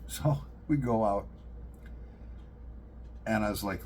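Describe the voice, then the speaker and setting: A middle-aged man, vlogging to camera and telling animated, joking stories, laughing at his own punchlines. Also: lowish voice, slow, slight background noise. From upstate New York. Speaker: pipe-smoking vlogger. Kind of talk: casual storytelling to camera.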